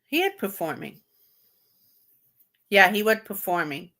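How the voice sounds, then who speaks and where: A woman hosting a tarot video, reacting to a clip and thinking aloud in halting, repetitive phrases with loose grammar. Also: mid-range voice, big pitch swings, a bit bright. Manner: halting, repeats herself, broken grammar. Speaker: tarot reader host. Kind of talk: casual thinking-aloud commentary.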